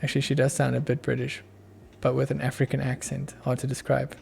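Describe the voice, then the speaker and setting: Australian dev streamer, young guy, low mellow voice with a gravelly edge, thinks out loud. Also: completely flat delivery, fast, slight background noise. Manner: muttering to himself while working, chuckling. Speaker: streamer, app developer. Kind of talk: casual live coding stream.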